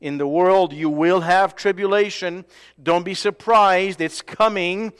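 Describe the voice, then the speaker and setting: A man preaching a sermon as pastor, swinging from raised, emphatic lines to hushed, slow ones. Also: high-pitched, fairly even intonation, clean tone, big-room sound.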